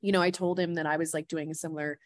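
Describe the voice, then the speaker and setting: A woman guest on a podcast telling a story in casual chat, animated and full of "like" fillers, acting out what people said. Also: low-pitched, racing, no echo. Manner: animated storyteller, heavy "like" fillers, acts out quotes.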